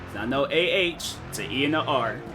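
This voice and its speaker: A man's voice: medium pitch, animated, brisk. A man streaming and chatting casually, rambling with lots of filler words and restarted sentences. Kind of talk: casual chat on a live stream. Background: game music.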